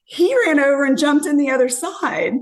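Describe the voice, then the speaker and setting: A woman's voice: high-pitched, normal speed, slight background noise. Woman in her fifties telling dating stories. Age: 50s. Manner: animated, acts out quotes. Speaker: podcast guest. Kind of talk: casual storytelling.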